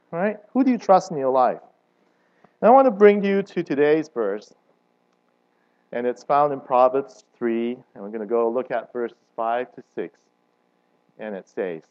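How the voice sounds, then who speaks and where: A man preaching a conversational sermon, telling stories and asking the audience questions with lively emphasis. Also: moderate pace. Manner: relaxed, chatty, asks the audience questions; lively swings in loudness and pitch for emphasis. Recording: dull lo-fi recording.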